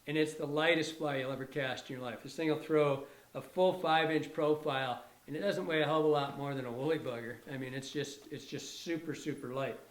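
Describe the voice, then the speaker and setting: A man's voice: on the high side, steady tone, brisk, few pauses, roomy sound. A middle-aged man casually demonstrating fly tying, rambling and restarting his sentences with enthusiasm. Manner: rambling, self-correcting, enthusiastic. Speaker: fly tier, instructor. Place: fly shop tying bench.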